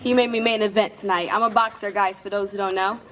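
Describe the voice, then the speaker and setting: A woman's voice: mid-range voice, fairly even intonation, quick pace. A teenage girl makes playful, offhand remarks as a student speaker at a school dinner. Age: late teens. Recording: loud crowd and noise at a dinner.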